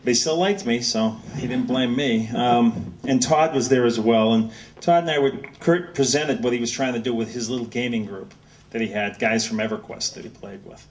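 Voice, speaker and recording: A middle-aged man from Massachusetts talks to a bookstore crowd in a loose, animated, anecdotal way. His voice is of ordinary pitch and sounds distant, as if picked up from across the room. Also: normal speed. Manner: animated, rambling storyteller. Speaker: author speaking at a book signing. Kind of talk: anecdotal talk to an audience. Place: bookstore event space. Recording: voice heard from a distance.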